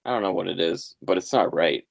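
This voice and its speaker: A man's voice: low voice, lively intonation, brisk, vocal fry, dry recording. A man co-hosting a podcast in casual chat, joking, swearing and laughing a lot. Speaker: podcast co-host.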